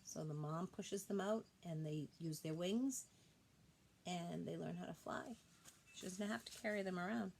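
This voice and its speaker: A woman reading a picture book aloud to children, expressive and pausing to point out the pictures. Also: on the low side, gravelly, slight background noise. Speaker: storybook reader.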